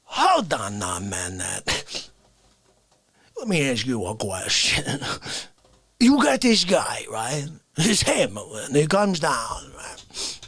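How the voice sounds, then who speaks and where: A man putting on a deep, gruff, indignant voice, scolding someone with a growl. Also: huge pitch swings, slow, pauses often, a bit bright, full character voice. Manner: indignant, growling, repeats "how dare you".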